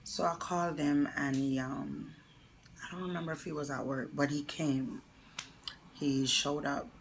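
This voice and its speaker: A young adult woman telling a painful personal story to camera, close to tears, halting with many pauses and fillers. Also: deep voice, steady tone, vocal fry, a little hiss or hum, poor audio. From New York. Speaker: vlogger.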